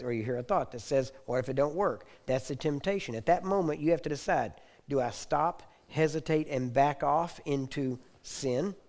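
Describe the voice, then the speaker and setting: A man teaching a sermon, often checking in with his listeners and clearing his throat now and then. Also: on the high side, mellow. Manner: repetitive, asks the audience for agreement. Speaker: preacher.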